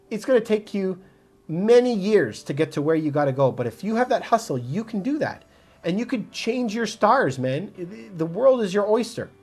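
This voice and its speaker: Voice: medium pitch, breathy edge. A realtor from Montreal, Canada, answering viewers' comments on a phone livestream in a direct, casual, motivational way. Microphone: phone mic.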